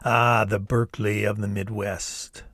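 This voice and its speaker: A man voicing a laid-back American rock musician in his mid-twenties, who talks in a relaxed drawl with his words slurring together. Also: on the low side, a little slow, dry recording, studio quality.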